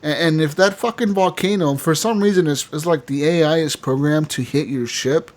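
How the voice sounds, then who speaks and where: A man hosting a casual gaming podcast, telling a story with animated energy and frequent swearing. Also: a little high, normal speed. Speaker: podcast host.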